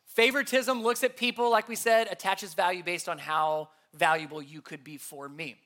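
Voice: medium pitch, fairly even intonation, normal speed, a bit bright. A pastor teaching a sermon in an earnest way, repeating key points and asking the audience questions. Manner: asks the audience rhetorical questions.

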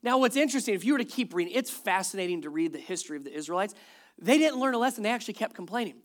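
A pastor preaching a sermon, telling scripture stories in a lively way and joking with the listeners. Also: mid-range voice, racing. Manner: animated storytelling, acts out quoted complaints; jokes with the congregation.

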